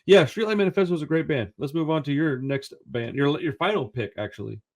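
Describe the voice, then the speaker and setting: A man hosting a casual podcast chat, excitable and profane, saying dude and bro constantly. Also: fairly high pitch, quick pace. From Houston area. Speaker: podcast host.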